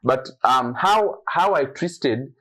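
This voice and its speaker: A man's voice: medium pitch, lively intonation, slow, fairly bright tone. A young man from Eastern Uganda, a guest actor telling stories in a casual podcast chat and acting out what others said. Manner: storytelling, acts out quotes, restarts often.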